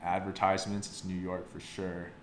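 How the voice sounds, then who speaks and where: A man's voice: low voice, little pitch movement, moderate pace. A young man casually reviewing a photobook, rambling and swearing, with lots of "like". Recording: roomy sound with faint background noise.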